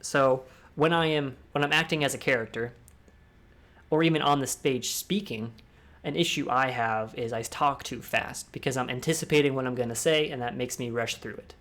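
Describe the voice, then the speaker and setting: A young American man hosting a Discord talk gives a casual, rambling talk about public speaking, full of restarts and asides. His voice is medium-pitched and a bit bright, at normal speed.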